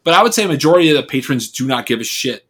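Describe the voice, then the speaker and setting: American dude running a tabletop game, super lively, bright voice. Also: male voice, medium pitch, rapid-fire, husky. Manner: animated, laughs often. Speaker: game master.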